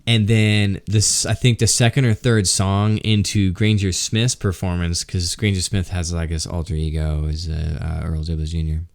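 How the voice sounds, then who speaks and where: A man with a drawl spins a chaotic road-trip tale in a relaxed, conversational way. His voice sits on the low side, and he breaks into laughter again and again, with plenty of casual swearing. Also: moderate pace, gravelly, few pauses. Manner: animated, laughs often, swears and says "freaking". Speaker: vlogger telling a story. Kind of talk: casual storytelling.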